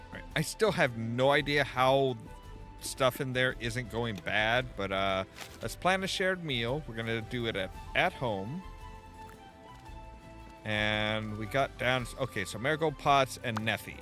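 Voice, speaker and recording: A man's voice: mid-range voice, measured pace, sharp tone. A man casually commenting on his own gameplay, thinking aloud, trailing off and restarting as he goes. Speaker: gameplay streamer. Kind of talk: casual let's-play commentary. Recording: faint game music behind.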